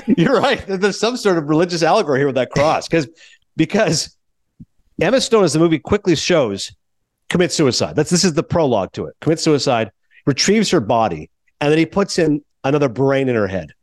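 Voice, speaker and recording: A man hosting a podcast in casual chat, animated and talkative, jumping from thought to thought. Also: fairly high pitch, brisk, dry recording. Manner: animated, chatty, jumps between thoughts. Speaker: podcast host.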